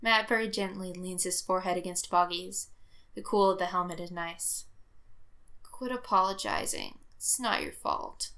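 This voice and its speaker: Woman, story narration, bright, crisp tone, expressive, medium pitch. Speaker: reader. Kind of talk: audiobook narration of fan fiction.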